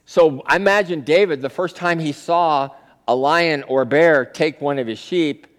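A man's voice: on the high side, unhurried. Preaching man in a reverberant hall. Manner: conversational storytelling with rising, forceful peaks. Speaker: pastor. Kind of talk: sermon. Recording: long reverb of a large hall.

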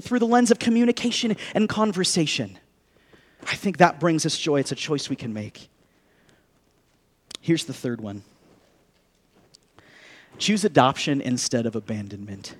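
High-voiced man preaching a chatty sermon. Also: moderate pace, long pauses. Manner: animated, chatty, with asides and jokes to the congregation. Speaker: pastor. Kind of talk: conversational sermon.

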